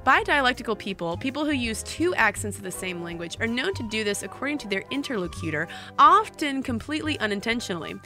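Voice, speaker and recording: A woman's voice: fairly high pitch, sing-song, fast talker, few pauses, pushed and bright, faint music behind. A woman co-hosting a podcast, reading listener emails aloud in a chatty, easygoing way. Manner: chatty, laughs easily. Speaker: podcast co-host. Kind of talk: casual chat, reading listener mail.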